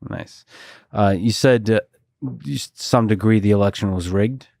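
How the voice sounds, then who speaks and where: A man hosting a podcast, asking calm, brief questions in an interview. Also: on the low side, moderate pace, no room sound, studio quality. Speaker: podcast host.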